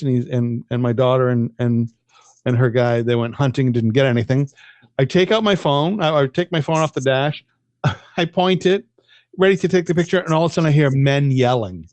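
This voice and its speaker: A man's voice: fairly high pitch, normal speed, no echo. A man casually telling a long, rambling story on a podcast, swearing freely. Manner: profane, rambling, animated storyteller. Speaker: podcast co-host.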